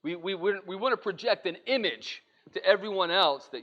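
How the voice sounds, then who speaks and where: A man's voice: high voice, animated, moderate pace, hardly any pauses, highs cut off. A man giving an earnest, conversational sermon lesson to a church congregation. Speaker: preacher. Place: church auditorium.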